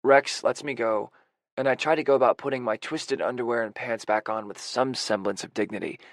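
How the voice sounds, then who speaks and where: Gravelly, dry-voiced male audiobook narrator. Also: medium pitch, fairly quick, dry recording. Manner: soft, introspective, self-deprecating. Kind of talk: first-person romance audiobook narration.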